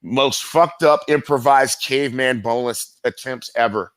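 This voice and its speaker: A middle-aged man with a bright, forceful voice, spinning loose stories as an interview guest. He rambles, swears freely and leans on fillers, in a dry, close recording. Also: mid-range voice, moderate pace, no room sound. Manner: rambling, profane, heavy with fillers. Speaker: guest skateboarder. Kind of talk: casual storytelling interview.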